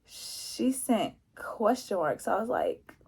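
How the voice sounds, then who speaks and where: A young woman vlogger telling a casual storytime in a lively, slangy way, acting out what people said. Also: a little high, slow pace, creaky, husky. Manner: animated, slangy, mimics people in quotes.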